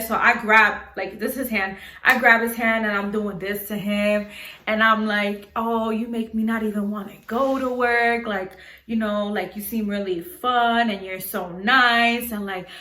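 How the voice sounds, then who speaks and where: A woman's voice: a little high, echoey room. A young woman with a New York accent telling a storytime vlog story casually, acting out her own quotes with lots of "like". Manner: animated, acts out her own quotes, frequent "like". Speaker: storyteller vlogger.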